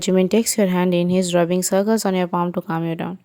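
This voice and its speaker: A woman narrating a second-person fan fiction story in an even, unhurried way. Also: fairly low pitch, clean tone, dry recording.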